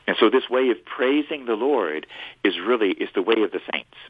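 A priest telling a story in an animated way on a radio talk show. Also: male voice, on the low side, normal speed, slight background noise. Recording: tinny phone-like radio line.

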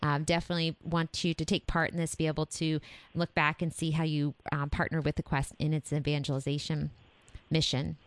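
A woman hosting a radio fundraiser, speaking in a brisk, encouraging way with plenty of fillers. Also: low voice, flat delivery, no room sound. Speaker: radio host.

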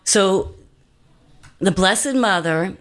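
A woman's voice: mid-range voice, very slow, a bit bright. A woman guest telling a personal story in an earnest, meandering way, full of fillers and restarts.

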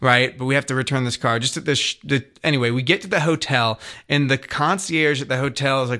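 A man co-hosting a faith talk radio show, telling an animated story in casual chat and laughing often. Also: mid-range voice, quick pace, few pauses.

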